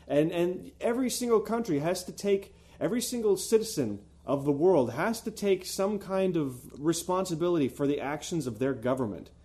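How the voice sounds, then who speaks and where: An earnest man talks through his views on a podcast, often repeating a word before getting going. His voice sits a little high, and his tone is mellow. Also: expressive, normal speed, few pauses. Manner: earnest, repeats words when starting sentences. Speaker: podcast co-host. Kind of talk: casual opinion chat.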